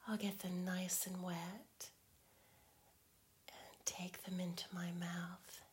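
A woman in a whispered role-play as a girlfriend, teasing in slow, breathy whispers broken by soft hums. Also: lowish voice, flat delivery, background noise.

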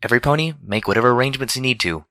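A man's voice: mid-range voice, racing, pushed and bright, no echo, studio quality, voice pushed up. A man voicing a studious, earnest female pony leader who speaks firmly. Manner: earnest, firm, commanding.

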